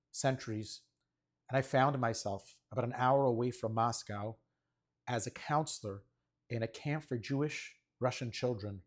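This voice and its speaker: A rabbi tells a story in a sermon, earnest and measured. His voice sits in an ordinary middle pitch for a man, and he speaks with steady conviction. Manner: earnest storyteller who acts out voices of children.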